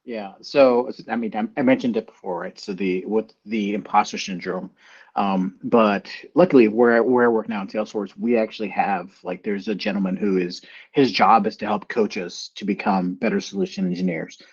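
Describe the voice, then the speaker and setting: Gravelly, husky man on a lo-fi call. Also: normal speed. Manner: animated storytelling, voices quotes with pitch jumps. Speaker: solution engineer. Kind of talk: casual panel chat. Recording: lo-fi video call audio.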